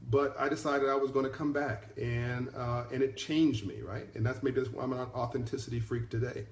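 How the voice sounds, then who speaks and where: A man's voice: mid-range voice, steady tone, a little fast. A middle-aged man giving a motivational talk on a live stream, repeating his key lines and rambling with restarts. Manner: rambling, many fillers and restarts. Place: in South Africa, on a live broadcast. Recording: echoey room.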